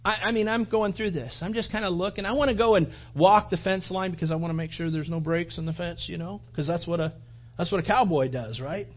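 Husky high-voiced preacher telling a story. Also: male voice, a little fast, highs cut off. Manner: animated storyteller, acts out his own thoughts. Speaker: pastor. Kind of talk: sermon with a personal story.

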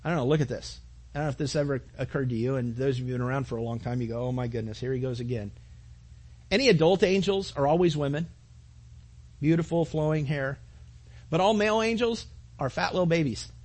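Man, pastor, sermon, earnest, husky voice, talks to the congregation. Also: fairly high pitch, lively intonation, fairly quick, pauses often. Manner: earnest preaching with repetitions and asides to the congregation.

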